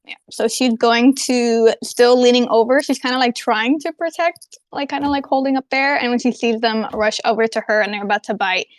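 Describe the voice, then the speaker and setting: A woman's voice: fairly high pitch, normal speed, few pauses, no room sound. A woman player in a tabletop game, describing her character's actions in a rambling, explanatory way. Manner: rambling, explanatory with fillers like 'kinda, like'.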